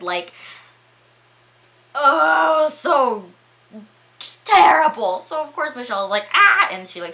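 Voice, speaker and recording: A woman's voice: medium pitch, pushed and bright. A young woman vlogger recapping a film casually, rambling with lots of fillers and swearing.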